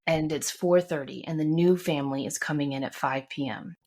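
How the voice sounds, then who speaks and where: A middle-aged woman in an easygoing conversation, recounting a personal story with feeling and slipping into the voices of the people in it. Her voice sits a little low. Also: brisk, slight background noise. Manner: warm storytelling, emotional, acts out quotes. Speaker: podcast co-host. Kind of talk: casual chat.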